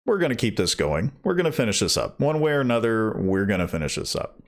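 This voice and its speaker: Man, fairly low voice, slow rambling casual aside, audiobook reader. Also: big pitch swings. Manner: slow, rambling, self-correcting. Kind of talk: casual spoken aside after a reading.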